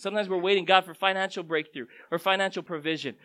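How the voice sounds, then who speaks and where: A man's voice: high voice, steady tone, fast, bright, forceful tone, poor audio. A man preaching a sermon in a conversational, storytelling way, his voice rising and dropping for emphasis. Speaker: pastor.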